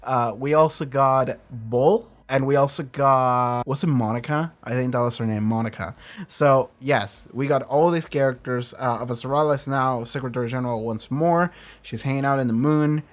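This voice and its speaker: A man's voice: mid-range voice, moderate pace. A man with a mid-range voice hosting his own reaction channel. He talks in a loose, rambling way, often corrects himself mid-sentence, laughs easily and swears casually. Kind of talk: casual chat.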